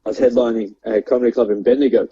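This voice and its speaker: A man's voice: mid-range voice, steady tone, racing, warm tone, breathy edge. A young Australian man, a stand-up comedian, telling rambling stories with lots of fillers and frequent laughter. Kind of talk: casual storytelling chat. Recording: dull lo-fi sound.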